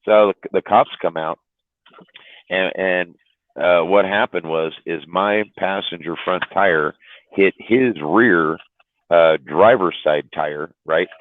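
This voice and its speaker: A middle-aged male trucker tells a long road story in casual chat. His voice is very low, and he stumbles and repeats himself as he goes. The sound is dry and tinny, like a phone line. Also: slow, no echo. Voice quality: deep, drawling, repeats words while telling. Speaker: truck driver telling a story.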